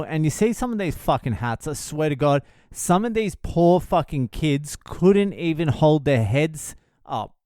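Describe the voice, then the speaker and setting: A man's voice: medium pitch, mellow, smooth, no room sound, studio quality. A man who is a comedian hosting his own podcast, telling comic stories in a blunt, profane way and laughing at his own jokes. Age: adult father of a young child. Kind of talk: profane comic storytelling monologue.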